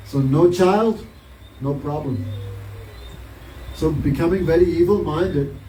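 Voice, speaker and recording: Man, high voice, mellow tone, devotional class storyteller, rhetorical questions, distant mic, roomy echo. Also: takes it slowly, a little hiss or hum. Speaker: spiritual teacher.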